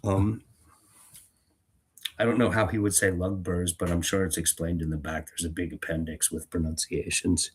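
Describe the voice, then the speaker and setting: Rambling, chatty male reader, lowish voice. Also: little pitch movement, normal speed, husky. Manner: rambling, chatty, many fillers and restarts. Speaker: reader and host. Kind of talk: casual commentary between readings.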